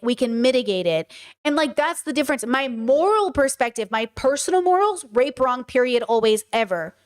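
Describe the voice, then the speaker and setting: A woman hosting a livestream, talking casually and animatedly, acting out mock voices to make her points. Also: high-pitched. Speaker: streamer and podcast host.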